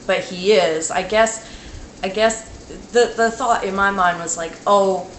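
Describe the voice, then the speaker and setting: Slow-talking woman in an echoey room. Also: mid-range voice. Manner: halting and rambling, full of "like" and restarts. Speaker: vlogger. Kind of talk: casual spoken dream recounting. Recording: echoey room with faint noise.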